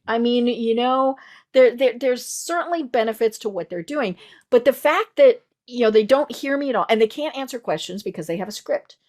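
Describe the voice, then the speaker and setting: Lively, expressive woman chatting as host. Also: fairly high pitch. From Colorado mountains. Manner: animated, chatty, frequent affirming murmurs. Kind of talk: casual conversational interview.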